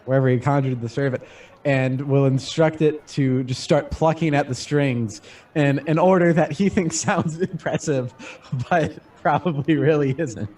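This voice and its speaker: A man plays in a tabletop game and often restarts his sentences as he thinks. His voice is slightly high and he sits a bit away from the microphone. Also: normal speed, a little mellow, recorded from a distance. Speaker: player.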